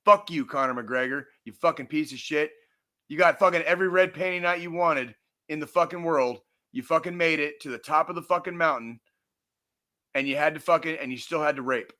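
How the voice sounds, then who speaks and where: Guy ranting on a podcast, swears a ton, bright forceful voice, kinda high. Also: normal speed. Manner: angry, profane, emphatic. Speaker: podcast co-host. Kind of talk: heated podcast rant.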